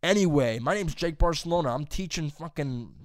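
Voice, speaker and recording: A young man telling a rambling high school story on a podcast, swearing freely and saying "dude" and "like" constantly. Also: animated, fairly quick, no echo, clean studio sound. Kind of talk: casual storytelling chat.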